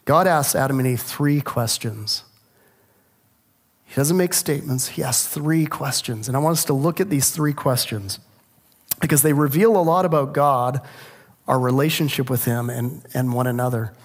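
A middle-aged man preaching a sermon, telling a family story with lively rhetorical questions. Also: medium pitch, moderate pace. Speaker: pastor.

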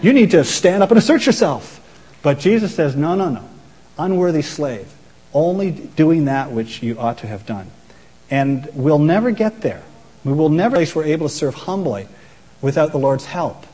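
A man's voice: medium pitch, a little mellow, slightly rough. A man preaching a sermon as pastor, earnest and emphatic, quoting voices as he goes. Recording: long reverb of a hall.

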